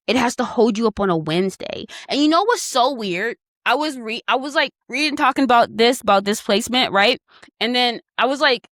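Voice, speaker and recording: A woman's voice: fairly high pitch, animated, brisk, a bit bright, no room sound, studio quality. A young woman, hosting a casual astrology talk in a chatty, teasing manner with affectionate asides. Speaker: astrology host.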